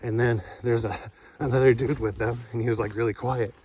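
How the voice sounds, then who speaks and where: A man's voice: mid-range voice, fairly even intonation, brisk, a little mellow. Rambling male hiker on a noisy trail. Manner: rambling storytelling with many fillers and acted-out quotes. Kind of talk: casual spoken trail diary. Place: outdoors on a forest trail. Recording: noisy outdoor camera audio.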